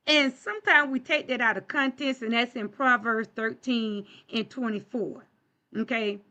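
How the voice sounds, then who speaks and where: Woman preacher, conversational sermon, bright tone, muffled streamed sound. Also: fairly high pitch, moderate pace. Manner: conversational, plain-spoken preaching with rhetorical questions. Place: church.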